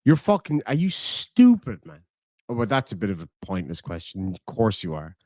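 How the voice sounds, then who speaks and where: A man's voice: fairly low pitch, wildly swooping pitch, moderate pace, mellow, no echo, clean studio sound. Crude, joking Irish man streaming. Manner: crude, joking, insults freely. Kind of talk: casual live-stream chat.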